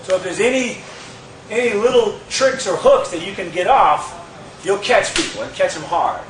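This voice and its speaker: High-voiced man teaching in an echoey gym. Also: moderate pace, slight background noise. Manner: lively, demonstrative, with sound effects. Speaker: martial arts instructor. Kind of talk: casual instructional demonstration. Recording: echoey gym from far off with crowd.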